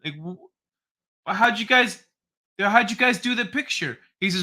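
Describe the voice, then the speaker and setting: A man's voice: high-pitched, slow, long pauses, pushed and bright. A man hosting a casual livestream, reading chat aloud in a loose, profane way and laughing often. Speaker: livestream host.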